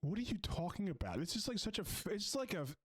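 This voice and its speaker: A man's voice: sits high, very animated, fast talker, husky. A man from the Philadelphia area hosting a reaction video, mocking and ranting in a sarcastic tone. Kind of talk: reaction commentary.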